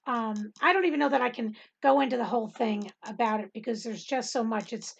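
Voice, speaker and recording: A woman's voice: a little high, fairly quick, gravelly, husky, highs cut off. A middle-aged woman telling a rambling testimony in casual talk, with many ums and frequent laughter. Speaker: Bible study host and teacher.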